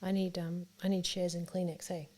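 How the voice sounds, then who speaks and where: An Australian woman, a therapist and author, explaining her work in a relaxed interview chat, often laughing. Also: fairly low pitch, brisk.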